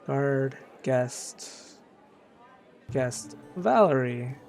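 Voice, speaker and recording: A man's voice: mid-range voice, animated, very slow, darkish tone, soft background music. A man playing a video game, reading its text aloud and commenting, often stumbling over names. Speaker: let's play gamer.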